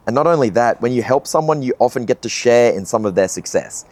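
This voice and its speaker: This young man's vlog is a reflective monologue delivered straight to the camera, conversational and earnest with some casual cursing. He's a video essayist whose mid-range, darkish voice comes across animated and quick.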